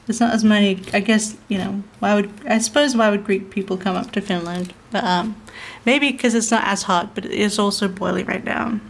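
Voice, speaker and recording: Chatty Australian woman rambling casually. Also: mid-range voice. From South Australia. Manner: rambling, chatty, laughs often, many fillers. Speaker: planner vlogger. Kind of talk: casual chat over planning.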